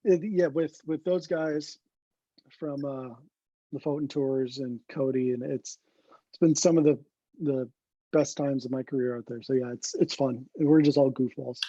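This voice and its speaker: A man, a guest photographer, telling an animated story in an interview and acting out what his friends said. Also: medium pitch, normal speed, no echo. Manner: animated anecdote teller, acts out quoted friends. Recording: dull lo-fi recording.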